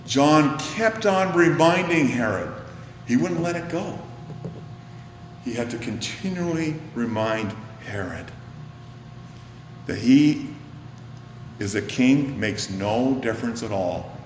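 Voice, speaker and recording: A man preaching a sermon, swinging from loud emphatic bursts to hushed, whispered lines. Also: mid-range voice, slight background noise. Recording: echoey hall, faint ambience.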